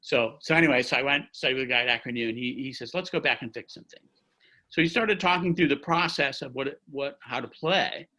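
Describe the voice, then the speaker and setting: Bright-voiced man in his sixties, rambling storyteller. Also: mid-range voice, fairly quick, low-quality recording. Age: 60s. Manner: long-winded, rambling, full of restarts. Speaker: orchestra trumpet player, guest. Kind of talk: anecdotal storytelling in an interview. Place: at home by his music stand.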